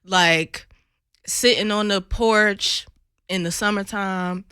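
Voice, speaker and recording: A woman's voice: mid-range voice, fairly even intonation, slow pace, sharp tone, clean tone, dry recording, clean studio sound. A woman with a Southern American accent, a singer guesting on a radio interview, telling stories in an easygoing way and laughing often. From Southern United States. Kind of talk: casual interview chat. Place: radio studio.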